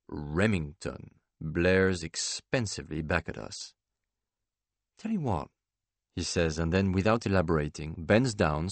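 A man narrating a novel in the first person, measured and dryly ironic. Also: deep voice, dry recording. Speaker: audiobook narrator.

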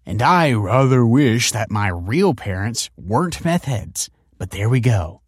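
A man's voice: on the low side, very animated, normal speed, darkish tone, no echo, clean studio sound. A man voicing a sarcastic rebellious schoolgirl. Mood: defiant, sarcastic. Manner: sarcastic, insolent. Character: defiant foul-mouthed teenage schoolgirl.

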